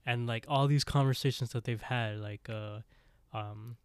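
A man in a casual podcast chat, walking through a story and circling back with lots of "like." His voice sits at an ordinary middle pitch. It sounds dry and close to the mic, with no room around it. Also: fairly even intonation, unhurried, clean tone, no room sound. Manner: rambling, full of "like" fillers and retold dialogue. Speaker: podcast co-host. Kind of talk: casual episode recap chat.

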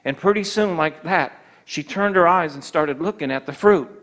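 Emphatic male preacher, somewhat high voice. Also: fairly bright tone. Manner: emphatic, slows for key points, acts out voices of tempters. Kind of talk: sermon.

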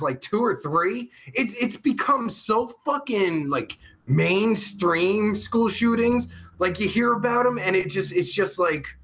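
High, bright-voiced crude male streamer. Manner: rambling, vulgar, quick to get riled up. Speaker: live show host reading chat. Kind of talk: crude casual live-stream chat.

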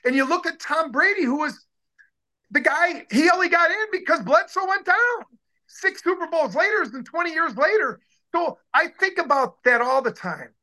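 A man in his sixties recalls his playing days in a casual interview. His voice is bright and forceful. He talks in eager bursts, breaking off and restarting his sentences. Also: very high-pitched, moderate pace. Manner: excited, rambling, many restarts. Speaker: former pro football player, guest.

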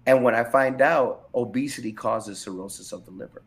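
Speaking a little fast with some vocal fry, this middle-aged pastor has a mid-range voice. In a candid interview he recounts his personal testimony, animated and emphatic, repeating phrases for weight.

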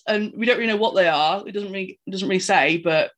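A woman's voice: medium pitch, fast. Chatty woman recapping a film. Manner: animated, rambling retelling with many fillers. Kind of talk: casual chat recapping a film.

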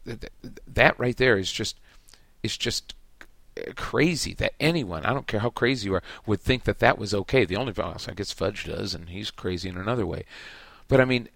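A man hosting a podcast, discussing a book casually with emphatic, halting speech and many restarts. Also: fairly low pitch, vocal fry, a bit bright, no room sound. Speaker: podcast host.

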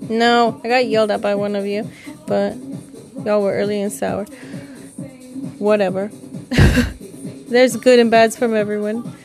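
A woman's voice: medium pitch, flat delivery, measured pace, creaky, pauses often, darkish tone, faint music behind. A woman hosting her own podcast, a parent talking in a loose, rambling, chatty way, swearing freely and laughing at herself. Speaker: podcast host. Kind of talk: casual solo podcast chat.

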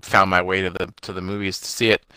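A man's voice: low-pitched, little pitch movement, fast, pushed and bright, smooth, dry recording. A man co-hosting a casual movie review podcast, retelling the plot with quoted lines and loose swearing. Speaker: podcast co-host.

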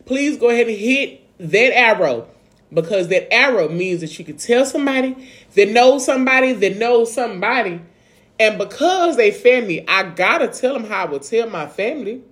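Woman podcast host hyping the show, kinda high voice, lively up and down. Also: normal speed. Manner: hypes, plugs links, laughs along. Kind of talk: casual chat.

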